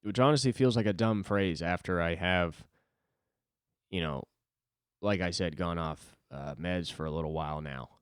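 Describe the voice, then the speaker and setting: A man's voice: low voice, normal speed, clear, resonant tone, no echo, studio quality. A young man hosting a solo podcast, rambling casually with lots of swearing and self-deprecating asides.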